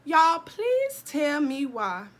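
A young woman vlogger telling a casual storytime, animated and profane, talking straight to her viewers. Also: high-pitched, very slow.

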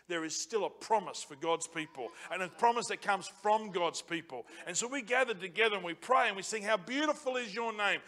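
Bright high-voiced passionate pastor. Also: male voice, lively intonation, a little fast, hardly any pauses. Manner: passionate, rising to loud emphatic repetition. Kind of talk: sermon. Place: church auditorium.

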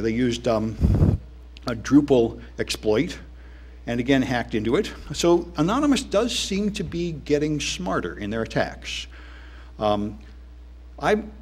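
Man, conference speaker, husky mid-pitch voice, sardonic, loose and chatty delivery. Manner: wry, dismissive, conversational with many fillers. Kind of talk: conference talk. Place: conference hall.

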